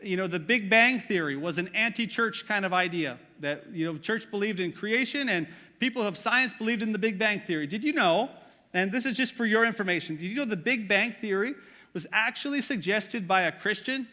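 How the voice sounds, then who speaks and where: A man's voice: sits high, lively intonation, brisk, sharp tone, in a large hall. A man preaching a sermon as pastor, earnest and conversational, with many fillers and questions to the congregation. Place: church auditorium.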